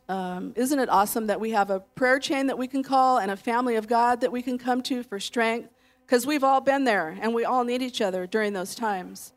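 Slightly high-voiced woman preaching a sermon. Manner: warm conversational preaching, leads the congregation in declarations; lively storytelling with self-deprecating asides. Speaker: pastor's wife preaching.

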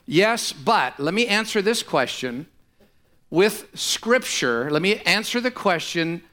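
Bright-voiced, emphatic male pastor. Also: high voice, expressive, measured pace. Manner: emphatic, repetitive rhetorical preaching. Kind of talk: sermon.

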